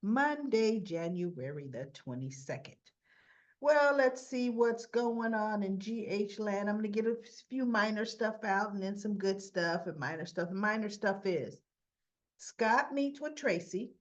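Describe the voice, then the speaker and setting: A woman casually recapping a soap opera episode, retelling the scenes in a chatty, animated way and slipping into quick character voices. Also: medium pitch. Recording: slightly muffled lo-fi audio.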